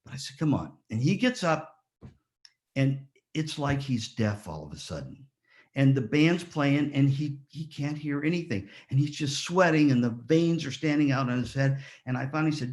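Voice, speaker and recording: Lively storytelling man at a ceremony. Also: mid-range voice, moderate pace. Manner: lively storyteller, rhetorical questions, acts out quotes. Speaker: ceremony speaker. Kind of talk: motivational speech with stories.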